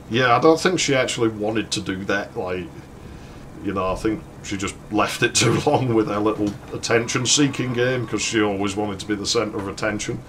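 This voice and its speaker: This let's play host has a fairly low-pitched but fairly bright voice, with a little hiss or hum in the recording. He casually rambles through a long story while gaming, swearing and chuckling between lines.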